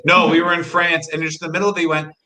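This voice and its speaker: A man's voice: a little high, flat delivery, very fast, bright, forceful tone. A Canadian man chatting casually as co-host, rambling and correcting himself with wry asides. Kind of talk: casual chat.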